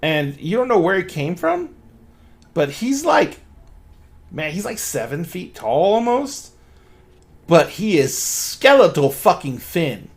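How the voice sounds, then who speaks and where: A man's voice: high-pitched, sing-song, slow, vocal fry. A man narrating as game master of a tabletop game, casual and laughing, swearing freely.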